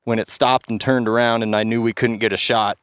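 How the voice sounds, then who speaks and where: A man guesting on a podcast, telling a story in a vivid, measured way. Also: medium pitch, little pitch movement, fairly bright tone, smooth, dry recording. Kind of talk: casual storytelling chat.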